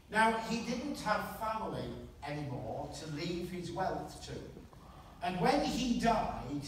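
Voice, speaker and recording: A man preaching a sermon, telling a story slowly and dramatically and rising in force at key words. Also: high voice, a little hiss or hum. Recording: echoey hall, mic at a distance.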